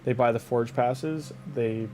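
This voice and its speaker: A man's voice: mid-range voice, takes it slowly, darkish tone, soft background music. Rambling Canadian man streaming. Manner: rambling, leans on "like", frequent restarts. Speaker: game streamer. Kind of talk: casual live-stream chat.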